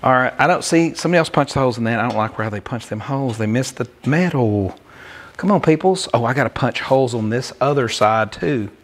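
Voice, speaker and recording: Working on a car in his garage, a breathless DIY builder jokes around in a folksy style while casually walking through a workshop tutorial. He speaks a little fast, at medium pitch and with an expressive voice.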